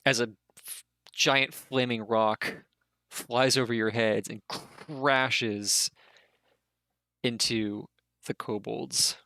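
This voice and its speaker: A man runs a tabletop game as dungeon master, narrating loosely and halting now and then to mouth sound effects. His voice is gravelly with a bright, forward edge. The recording sounds dry and close. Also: mid-range voice, steady tone, no echo.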